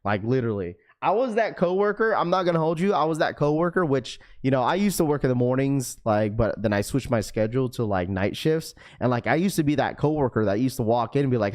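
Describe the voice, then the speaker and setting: A young man hosting a live stream, chatting casually with viewers in an energetic, slangy, talkative way. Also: mid-range voice, fast talker, hardly any pauses. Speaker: livestream host.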